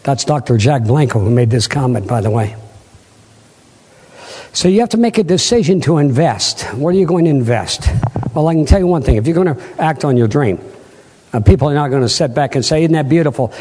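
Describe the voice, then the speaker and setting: A man's voice: a little high, expressive, fairly quick, warm tone, slightly rough. A man preaching a sermon, emphatic and rising to fervent peaks, asking the congregation questions. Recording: long hall reverb.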